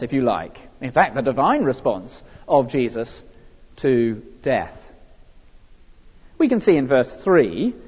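A man's voice: on the high side, darkish tone, breathy edge. A man preaching a sermon earnestly, with frequent fillers and restarts. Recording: dull, lo-fi recording with long hall reverb.

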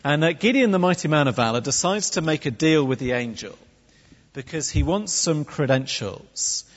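Wry, lively preacher. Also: male voice, on the high side, normal speed. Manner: animated, wry, with comic put-on voices. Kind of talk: sermon with humorous asides. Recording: dull recording in echoey hall.

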